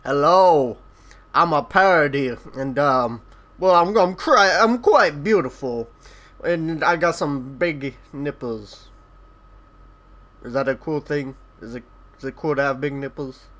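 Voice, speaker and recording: A man's voice: fairly high pitch, measured pace, a bit bright. A man doing a vain, dopey braggart. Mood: smug. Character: vain goofy man bragging about himself. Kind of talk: comedic character voice for a gameplay video.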